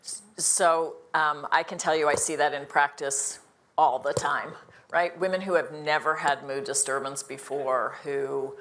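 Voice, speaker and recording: Low-voiced woman physician on a panel. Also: steady tone, a bit bright. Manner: earnest, fast-talking, with many restarts and "again". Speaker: internist and menopause panelist. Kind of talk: live panel discussion.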